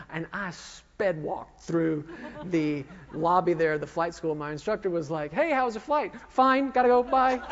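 A male minister giving a sermon testimony, telling a story in a self-mocking way with quick asides, on a dull recording. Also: fairly high pitch, a little hiss or hum.

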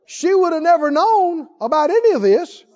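A man preaching a sermon, telling stories and shifting between hushed asides and loud, emphatic lines. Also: very high-pitched, big pitch swings, normal speed, long reverb tail. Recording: dull lo-fi recording.

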